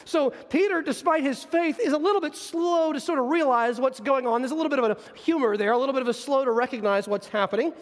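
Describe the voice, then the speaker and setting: A man preaching a sermon, teaching from scripture in an animated storytelling manner. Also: very high voice, fast, hardly any pauses, long reverb tail. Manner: animated, storytelling, acts out scenes.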